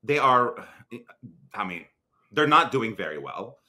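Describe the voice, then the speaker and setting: Bright-voiced Lebanese man, animated guest. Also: lowish voice, measured pace. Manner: animated, frequent restarts and fillers. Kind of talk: casual interview.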